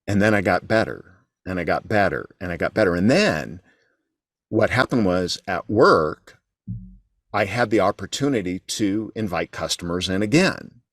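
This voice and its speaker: Speaking in a low, expressive and slightly bright voice at a normal pace, a middle-aged man guests on an interview show as a keynote speaker. He tells a candid story about himself, self-deprecating and full of restarts, recorded dry at studio quality.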